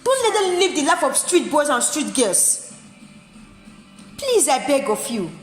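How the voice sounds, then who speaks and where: Her voice sits high with big pitch swings at a moderate pace, and the sound is roomy, like a big space with faint music behind. This vlogger makes an impassioned direct-to-camera appeal to mothers, pleading, repeating herself, and stopping now and then to look after her child.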